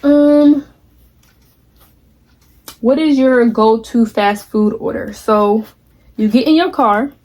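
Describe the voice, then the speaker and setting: A candid, chatty woman in her twenties talks straight to her viewers while working on a craft project. Her voice sits a little on the higher side, and she keeps it relaxed and unscripted. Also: takes it slowly, long pauses. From United States. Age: 20s. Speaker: vlogger. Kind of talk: casual vlog chat while crafting.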